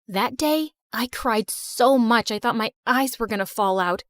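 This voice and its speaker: A woman narrating an animated drama in the first person, telling it with emotional, expressive storytelling. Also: on the high side, measured pace, hardly any pauses, no echo, studio quality.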